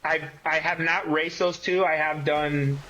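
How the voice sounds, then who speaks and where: A man's voice: on the high side, measured pace, poor audio. A man, a guest on a running podcast, telling stories in casual conversation with lots of "like" fillers. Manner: animated storyteller, many fillers like "like".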